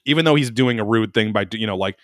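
Animated, profane male storyteller. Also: on the low side, fast, no echo, clean studio sound. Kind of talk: casual chat, storytelling.

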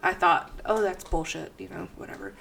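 Stuffy-nosed young woman podcast host, slightly low voice, laughs through her reading, faint hiss behind. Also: steady tone, normal speed, creaky, a bit bright. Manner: laughs while reading, swears freely. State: stuffy nose from allergies. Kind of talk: casual podcast chat. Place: house.

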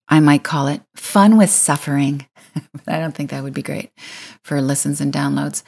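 A woman's voice: sits low, creaky, darkish tone. A woman hosting a spiritual podcast, talking in an earnest, playful way and drawing out key words. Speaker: podcast host. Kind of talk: reflective spiritual podcast talk.

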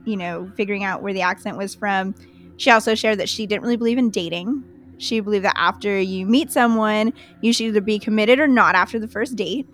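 A young woman telling a personal story casually, full of "like" and quick to laugh. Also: fairly high pitch, a bit bright. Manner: chatty, lots of "like", quick to laugh. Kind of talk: casual anecdote.

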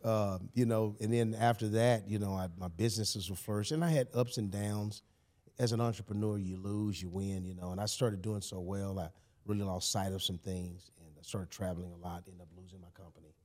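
A man, a podcast guest telling a personal story in casual conversation, animated and emphatic, often saying "you know" and "man". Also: fairly low pitch, fairly quick.

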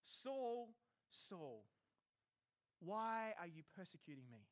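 A preacher voicing Jesus, grave and low. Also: male voice, very animated, slow pace, heavily acted. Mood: solemn. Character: divine voice of Jesus, solemn and low.

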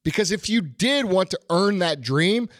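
A man's voice: sits high, animated, normal speed, a bit bright, no echo, studio quality. A middle-aged man hosting a podcast, delivering a blunt, profane motivational rant with heavy repetition. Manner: blunt, emphatic, swearing, repeats phrases. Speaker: podcast host.

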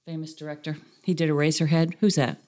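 A woman's voice: low voice, level tone, quick pace, warm tone. Giggly woman hosting a podcast chat. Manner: giggly, playful, rambling. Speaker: podcast host. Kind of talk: casual chat over video call. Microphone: video call.

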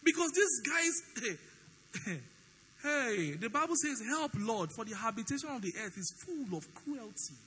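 A man's voice: very high-pitched, unhurried, in a large hall, slight background noise, rough recording. A man with a Nigerian accent preaching a sermon as pastor, telling stories animatedly and acting out the dialogue. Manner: animated storytelling, acts out dialogue.

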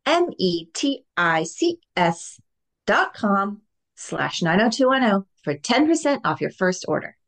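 A woman's voice: mid-range voice, sing-song, measured pace. A woman reading a host ad in an upbeat, enthusiastic way. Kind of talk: host-read ad.

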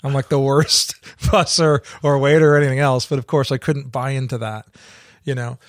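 A middle-aged man from Canada, a guest in an interview, telling his story in a halting way with many restarts. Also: mid-range voice, level tone, no room sound, clean studio sound.

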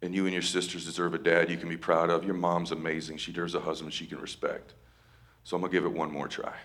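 A man's voice: sits low, monotone, pitched below the performer's own voice. A man voicing his broken, tearful father. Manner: soft, halting, near tears. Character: tearful middle-aged father, quiet and broken.

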